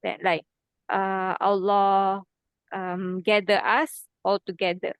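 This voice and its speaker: A woman's voice: mid-range voice, little pitch movement, takes it slowly, clear, resonant tone, no room sound. Patient woman teaching Arabic grammar. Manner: patient, explains step by step, frequent "okay". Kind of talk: online class explanation.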